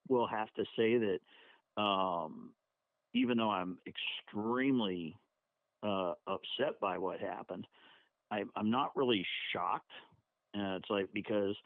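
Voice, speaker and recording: Low-voiced man on a tinny phone line. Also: no echo. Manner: measured, with many fillers. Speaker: podcast guest on the phone. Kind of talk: casual political talk.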